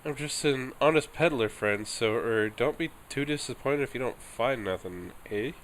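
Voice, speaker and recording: A man's voice: mid-range voice, normal speed, a bit bright, a little hiss or hum, natural voice. A man reading aloud game characters' lines in a hammy, slightly raised voice. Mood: hamming.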